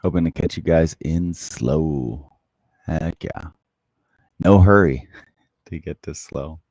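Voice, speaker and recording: A man hosting a casual livestream, chatting softly and closely into the microphone as he answers viewer comments. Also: very deep voice, takes it slowly, no echo. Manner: soft-spoken, close to the mic. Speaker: livestream host.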